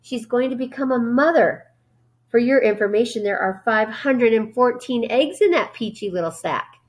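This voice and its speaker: A woman's voice: on the high side, animated, normal speed, voice pushed up, lightly acted. Woman doing an earnest young pig. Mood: pointed.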